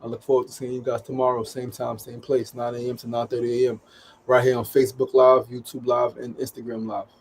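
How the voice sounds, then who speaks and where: Delivery is completely flat and a little fast as this man, mid-range in voice and darkish in tone, pleads urgently with viewers of his daily studio livestream. He swears a lot and repeats phrases for emphasis, with slight noise behind him.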